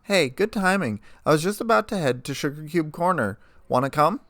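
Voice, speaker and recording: A man's voice: fairly high pitch, expressive, fairly quick, a bit bright, no room sound, voice pushed up. Prim, bookish mare in a fan story reading, male narrator raising his voice well above his own. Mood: friendly. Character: studious, earnest young female unicorn.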